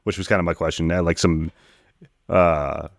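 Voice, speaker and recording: A man with a low-pitched voice hosts a podcast interview, asking wandering questions loosely, with plenty of fillers. The sound is close and dry, with no room around it. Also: fairly even intonation, moderate pace, gravelly, no echo. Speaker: podcast host.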